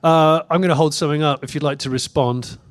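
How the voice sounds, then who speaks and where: Bloke cohosting a live podcast, relaxed and keen, dry close mic. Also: male voice, a little high, fast, dry recording. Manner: easygoing, enthusiastic chat. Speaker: podcast co-host. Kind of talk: live stage podcast chat. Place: outdoor festival stage before an audience.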